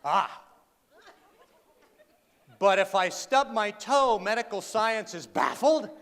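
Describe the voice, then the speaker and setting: Speaking slowly in an animated, high-sitting, fairly bright voice, a man shares a humorous personal story with a live audience in a large hall. He is sarcastic and self-deprecating and keeps quizzing the listeners. The recording carries hall reverb and faint background ambience.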